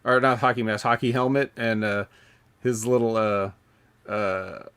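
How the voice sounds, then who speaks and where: A man hosting a casual podcast, talking in a rambling, halting way with many fillers and restarts. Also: mid-range voice, steady tone, a bit bright, clear, resonant tone. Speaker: podcast host.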